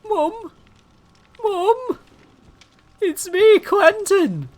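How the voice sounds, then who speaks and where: A woman's voice: very high-pitched, animated, extremely slow, darkish tone, voice pushed up, heavily acted. A woman voicing a whiny young man in an odd put-on accent, pleading with his mum. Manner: wailing, pleading, repetitive.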